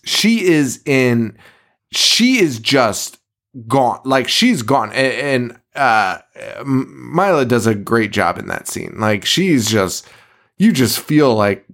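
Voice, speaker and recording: A young man co-hosting a horror-movie podcast, his voice sitting in an ordinary middle register. He talks in an animated, loose way, laughing often, cursing freely and jumping into quick impressions of the characters. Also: mid-range voice. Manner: animated, swears a lot, laughs often, acts out quotes. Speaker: podcast co-host. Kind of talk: casual movie-recap chat.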